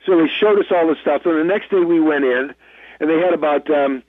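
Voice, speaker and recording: An actor guest tells rambling, self-deprecating stories in a casual phone interview. His voice is a little high and brisk, with no echo, coming through a tinny, dry telephone line.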